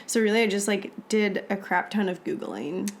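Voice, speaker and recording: A woman from Canada co-hosting a podcast, chatting in a relaxed, wry way with dry humor. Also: medium pitch, moderate pace. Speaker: podcast co-host. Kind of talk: casual chat.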